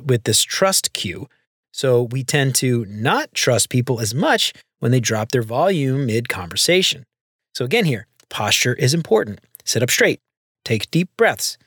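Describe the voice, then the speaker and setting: A man's voice: mid-range voice, fairly bright tone, no echo, clean studio sound. A man hosting a solo podcast, explaining speaking tips step by step in a conversational way. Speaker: podcast host. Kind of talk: solo instructional podcast talk.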